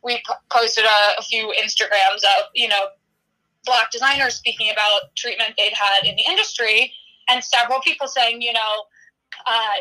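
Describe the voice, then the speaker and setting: Woman guest, bright tone, fairly high voice, earnest conversation. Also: fairly even intonation, normal speed, poor audio. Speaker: podcast guest, magazine editor. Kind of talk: casual interview chat.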